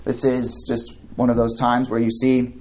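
Man, preacher, sermon, conversational, asides and restarts, mid-pitched. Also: completely flat delivery, normal speed, darkish tone, a little hiss or hum. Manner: mock voices for quoted idolaters. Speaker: pastor.

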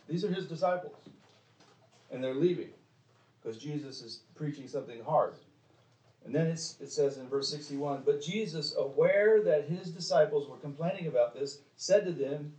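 A man preaching a sermon in a church, pressing the congregation with direct questions, with sharp emphatic rises and drops. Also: mid-range voice, moderate pace. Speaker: pastor. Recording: echoey room, mic at a distance.

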